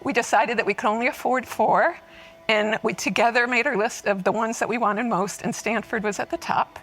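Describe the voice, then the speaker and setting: A woman who led admissions, telling an animated, laughing story on an auditorium panel. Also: fairly high pitch, moderate pace, soft background music, rough recording. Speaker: lecturer and former admissions head. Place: auditorium stage.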